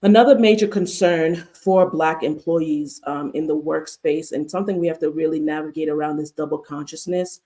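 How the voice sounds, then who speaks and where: A woman's voice: low voice, fairly even intonation, normal speed, few pauses, warm tone. Emphatic woman hosting a live talk. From United States. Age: adult with a master's degree. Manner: emphatic, with rhetorical questions and repetition. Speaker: host, therapist. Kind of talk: livestreamed mental health talk.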